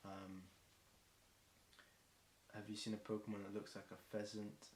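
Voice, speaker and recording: A man's voice: fairly low pitch, completely flat delivery, measured pace, a little mellow. A British man improvising a long stream of rhymes, rambling off the cuff with frequent ums. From Britain. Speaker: freestyle rapper. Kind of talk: long improvised freestyle rhyming. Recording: echoey room with faint hiss.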